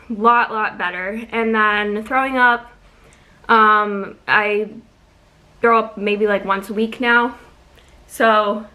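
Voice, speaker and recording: A young woman chatting casually at home in a vlog, talking quickly with lots of ums and sounding a little out of breath. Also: mid-range voice, sharp tone, poor audio. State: slightly out of breath. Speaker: vlogger. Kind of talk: casual pregnancy update vlog.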